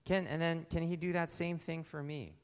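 A man's voice: on the high side, level tone, moderate pace, smooth. Man preaching in a reverberant hall. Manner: conversational preaching with rhetorical questions. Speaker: pastor. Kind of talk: sermon.

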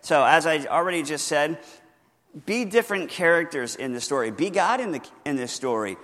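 A man teaching how to read the Bible devotionally, earnest and encouraging, often slowing down to stress key words. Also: a little high, animated, fairly bright tone, in a large hall. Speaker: pastor teaching Bible reading. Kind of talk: teaching talk from a handout.

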